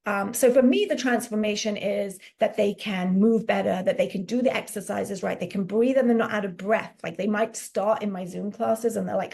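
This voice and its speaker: A woman fitness coach talking casually in an interview, animated and full of "like" fillers, often acting out quotes. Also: mid-range voice, a little fast. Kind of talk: conversational interview storytelling.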